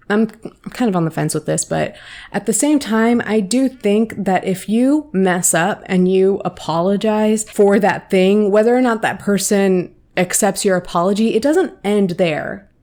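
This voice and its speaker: A woman hosting a commentary vlog, giving her opinions in a measured, reflective way. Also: medium pitch, a little mellow. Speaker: commentary channel host.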